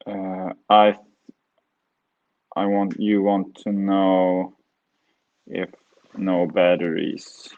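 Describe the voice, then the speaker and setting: A man's voice: deep voice, little pitch movement, drawn-out words, pauses often. A man practicing as a student in a language lesson, hesitant and searching for words. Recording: dull lo-fi recording.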